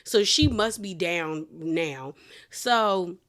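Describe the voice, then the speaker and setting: A woman hosting a casual reality TV review, telling it in a chatty, colloquial, animated way full of slang. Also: lowish voice, very slow. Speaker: reality TV recap host.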